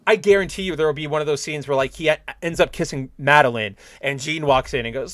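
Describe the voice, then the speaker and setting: Male podcast host, high voice, dry close mic, animated, swears freely. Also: fast talker, few pauses, no echo. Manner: animated and profane, acts out scenes in mock voices. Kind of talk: casual review commentary.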